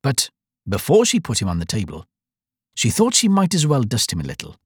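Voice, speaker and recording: A volunteer reader narrating a classic children's book with a very expressive, swooping delivery. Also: mid-range voice, fairly quick, slightly rough, no echo, studio quality. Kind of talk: audiobook narration.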